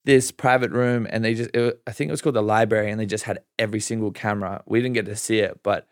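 A man's voice: on the low side, steady tone, fast, dry recording, studio quality. Rambling young man telling a story. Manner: rambling, swearing, heavy filler 'like'. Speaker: podcast guest. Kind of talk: casual storytelling chat.

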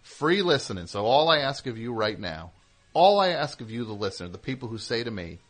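A man's voice: mid-range voice, big pitch swings, fairly quick, faint music behind. A man hosting a comedy call-in radio show, teasing callers and riffing in long rambling runs.

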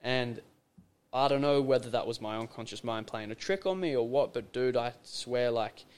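A man's voice: medium pitch, normal speed, a little mellow, smooth. A young man, a podcast guest chatting casually and telling stories in a loose, rambling way. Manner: rambling, loose storytelling with many fillers. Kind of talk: casual conversation.

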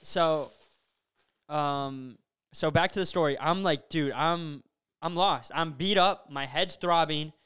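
High, clear-voiced young man telling a story. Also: slow pace. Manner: animated, filler-heavy storytelling with frequent "bro" and "like". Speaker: podcast host. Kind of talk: casual storytelling chat.

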